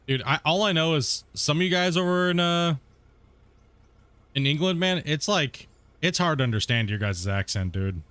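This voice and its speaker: A man's voice: a little high, expressive, normal speed, a bit bright, clean tone, no echo. A man, streaming a game and chatting casually with viewers, rambling and laughing often. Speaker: gaming streamer. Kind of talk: casual let's-play commentary.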